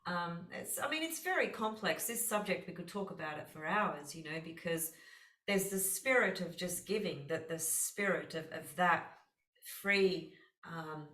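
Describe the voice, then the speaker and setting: An astrologer hosts a casual conversation, telling earnest, heartfelt stories packed with fillers. Her fairly low, expressive voice moves at a measured pace with a slight brightness, picked up by a distant mic in a reverberant space on a low-quality recording.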